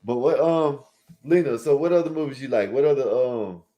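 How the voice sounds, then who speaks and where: A man's voice: mid-range voice, moderate pace, warm tone, highs cut off. A man hosting a casual call-in stream, talking loosely and bluntly with casual swearing. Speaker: stream host. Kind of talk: casual chat.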